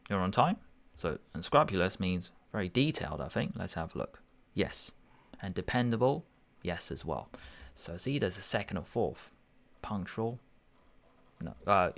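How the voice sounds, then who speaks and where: A man's voice: low voice, animated, gravelly, fairly bright tone. A man tutoring, working through a verbal reasoning test paper aloud and musing over each answer. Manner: musing, unhurried, self-correcting.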